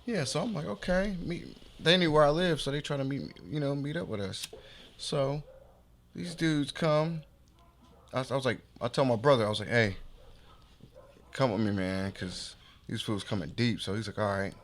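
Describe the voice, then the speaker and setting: A podcast host with a mid-range voice and a moderate pace tells a street story in slangy, casual talk. He's animated and acts out the voices of the people he quotes.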